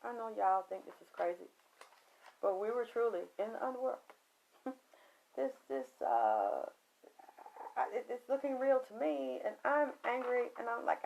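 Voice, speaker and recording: A woman telling a spiritual story in an emphatic, preachy, profane monologue that swings from loud to hushed. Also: fairly high pitch, very animated, moderate pace, creaky, long pauses, lo-fi sound, a little hiss or hum. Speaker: spiritual talk host.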